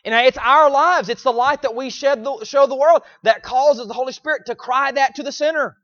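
A man preaching a sermon, repeating phrases and swinging between loud pleading cries and low, quiet lines. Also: moderate pace, dry recording, highs cut off.

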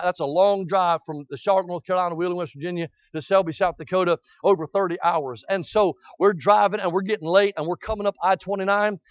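A man's voice: high voice, dry recording, dull audio. A middle-aged man preaching a sermon, telling a folksy story with frequent amens and rising to hollering.

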